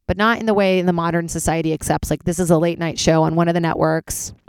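A woman stand-up comedian hosting her own podcast, rambling and swearing in casual chat, jumping into sudden high excited voices. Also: fast, clear, resonant tone, dry recording, clean studio sound.

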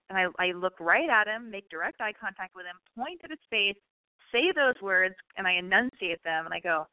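A woman's voice: mid-range voice, expressive, fairly quick, dry recording. An American woman in her thirties with a slight lisp, hosting a casual monologue, rambling, swearing and poking fun at herself. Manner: rambling, self-deprecating, swears freely. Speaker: podcast host. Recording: tinny phone-like sound.

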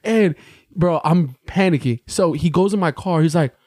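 A young American man, a podcast co-host, telling a story in casual chat, animated and profane, jumping into a raised voice when he quotes himself. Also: on the high side, normal speed, dry recording, clean studio sound.

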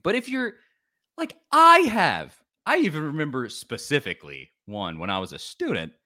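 Animated, bright-voiced male podcast ranter. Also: a little high, normal speed. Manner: animated, ranting, mocks rival fans in whiny voices. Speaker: podcast co-host. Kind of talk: sports podcast banter.

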